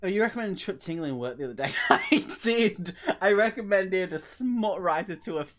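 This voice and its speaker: Stream host for a read-along session, lively pitch, laughs often, rambles and mocks themself, slips into a soft low mutter. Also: fast talker. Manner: giggly, rambling, self-mocking. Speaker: livestream host.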